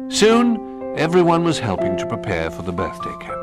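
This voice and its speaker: A man reads a children's story aloud in a gentle, storytelling manner. His voice rises and falls widely with expression, at a mid pitch for a man. Soft music plays faintly underneath. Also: wildly swooping pitch, normal speed. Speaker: narrator.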